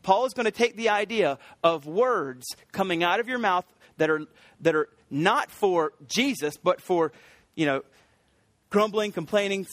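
A middle-aged man preaching a sermon, earnest and emphatic, building to excited peaks. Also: high-pitched, no room sound. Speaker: pastor.

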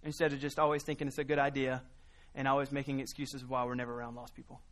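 A man's voice: medium pitch, level tone, quick pace, a bit bright. A man preaching a sermon, explaining scripture earnestly and building emphasis by repeating key words.

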